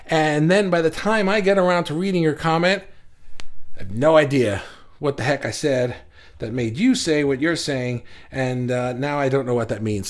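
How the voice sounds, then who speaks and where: A man hosting a casual livestream, talking excitedly to viewers and reading their comments, halting often with restarts. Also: a little high. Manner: says he talks fast when excited. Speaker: livestream host. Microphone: phone.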